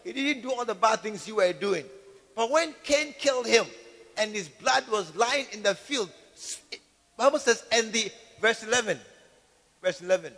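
Preaching with emphasis, a man keeps throwing questions at his congregation. His very high voice is bright and piercing, trailed by a long church-hall reverb, and he sounds animated at a normal speed.

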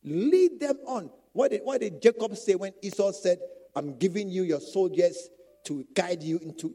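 Man preaching a sermon, loves repeating himself and acting out lines, high voice. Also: normal speed. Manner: animated preaching with repetition and acted quotes. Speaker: pastor. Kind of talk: sermon to church leaders.

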